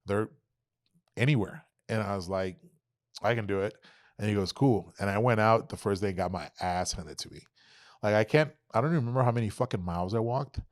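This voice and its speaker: Man, low voice, dry sound, casual storytelling, swears a lot, acts out quotes. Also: brisk, no room sound. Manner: animated, profane, acts out quotes. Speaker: podcast guest.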